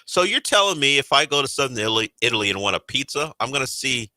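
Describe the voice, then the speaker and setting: A man's voice: mid-range voice, sing-song, quick pace, pushed and bright, no echo. A man co-hosting a sports radio show, ribbing his partner with dry wit. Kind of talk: casual sports radio banter. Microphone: studio microphone.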